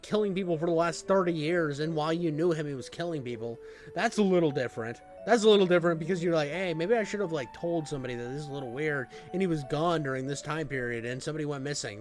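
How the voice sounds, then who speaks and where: A man giving casual reaction commentary, incredulous and rambling, with lots of fillers and some swearing. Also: fairly high pitch. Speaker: reaction streamer.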